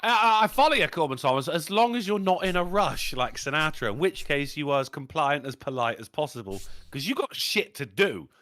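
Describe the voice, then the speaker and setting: A man's voice: fairly high pitch, a little fast, few pauses, dry recording. A British man co-hosting a podcast, telling mischievous anecdotes in casual chat and swearing freely. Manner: animated, profane, mischievous storyteller. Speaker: podcast co-host.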